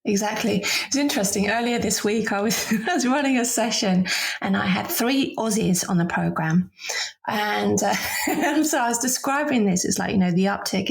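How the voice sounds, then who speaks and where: A woman guest coach on a podcast, talking thoughtfully with soft laughs and restarts. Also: mid-range voice, moderate pace, creaky. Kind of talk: conversational podcast interview.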